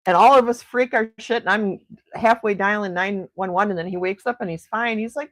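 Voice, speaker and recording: A woman's voice: mid-range voice, fairly quick, no room sound. A middle-aged woman hosting a casual morning livestream chat, gushing and laughing often as she reads viewer comments. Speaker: livestream host.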